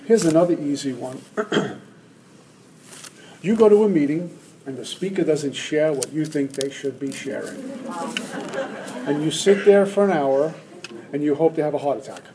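A man's voice: on the high side, normal speed, pauses often, background noise. A man speaking at a recovery meeting to a live audience, humorous and acting out the voices in his head. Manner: humorous, acts out inner voices. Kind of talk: personal talk to a live audience.

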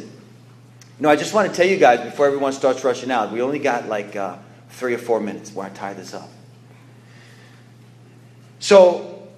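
A man's voice: mid-range voice, reverberant. A man telling his recovery story to a meeting, in an earnest, conversational way with many restarts. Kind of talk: personal testimony talk.

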